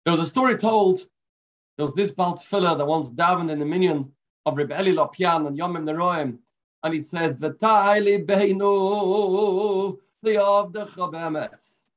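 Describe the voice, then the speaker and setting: A man giving a daily religious lesson as a rabbi, telling stories in an earnest, unhurried way. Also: fairly high pitch. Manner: earnest, unhurried storytelling teacher. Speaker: rabbi teaching a daily class. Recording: muffled lo-fi recording.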